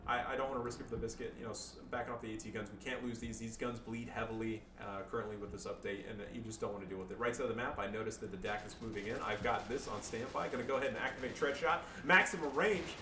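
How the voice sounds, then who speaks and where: A man's voice: mid-range voice, fairly even intonation, fast, hardly any pauses. A man casually commentating his own strategy game match, joking and swearing loosely. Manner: joking, loose, swears, fillers like "you know". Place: home room with family around. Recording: echoey room, far-off mic, background noise.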